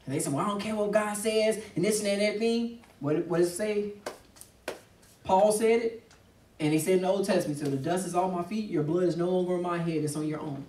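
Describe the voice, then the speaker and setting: Fast-talking emphatic male preacher. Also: sits high, a little mellow, slight background noise. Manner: emphatic, acts out quoted voices. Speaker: pastor. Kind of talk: impassioned preaching in discussion. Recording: roomy, distant mic.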